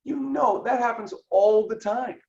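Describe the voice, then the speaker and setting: A man co-hosting a podcast, talking through ideas in an animated way and acting out quoted dialogue. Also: very high voice, measured pace, vocal fry. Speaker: podcast co-host. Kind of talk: conversational podcast discussion. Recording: roomy, dull lo-fi sound.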